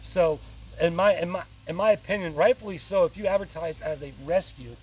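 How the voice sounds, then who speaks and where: A man's voice: high voice, a little mellow, a little hiss or hum. A man hosting a casual on-location vlog, chatty and opinionated. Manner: quick, chatty, opinionated asides. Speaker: host of the channel. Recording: distant outdoor mic.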